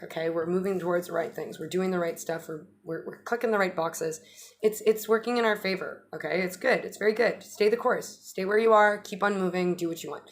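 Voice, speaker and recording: A woman's voice: mid-range voice, brisk. Chatty woman giving an astrology update. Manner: chatty, repetitive restarts, occasional swearing. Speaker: astrologer vlogger.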